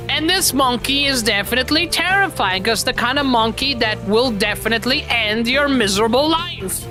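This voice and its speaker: High-voiced playful woman streaming over music. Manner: loud, playful, laughing, swears freely. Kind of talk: live game stream commentary.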